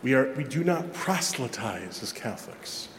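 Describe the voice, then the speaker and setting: Male priest, conversational homily, humorous asides, mid-pitched, recorded in a reverberant church with faint ambience. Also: sing-song, moderate pace, a bit bright, slight background noise. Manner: conversational, self-deprecating preaching with quoted asides. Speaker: Catholic parish priest. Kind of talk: sermon. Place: large church. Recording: echoey church with long reverb.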